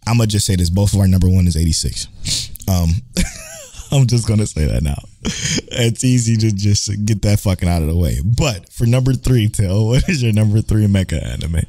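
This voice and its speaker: Deep-voiced man, loose and profane. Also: wildly swooping pitch, normal speed, mellow, no room sound. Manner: swears often, laughs easily, trails off and restarts. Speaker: podcast co-host. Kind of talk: casual chat.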